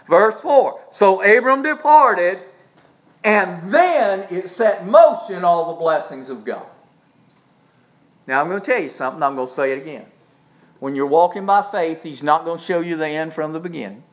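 A male pastor preaching a sermon, with dramatic swings between soft asides and shouted emphasis, sometimes drawing words out slowly. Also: sits high, dull audio.

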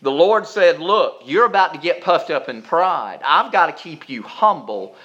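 A male pastor preaching a sermon, leading the congregation in call-and-response and climbing higher on emphasis. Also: animated, unhurried, a bit bright, muffled recording.

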